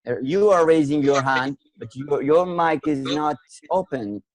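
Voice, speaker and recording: Encouraging guy running an online lesson, dry close sound, fairly high voice. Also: animated, measured pace, dry recording, rough recording. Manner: encouraging, repeats words while searching for them. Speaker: English teacher hosting an online class.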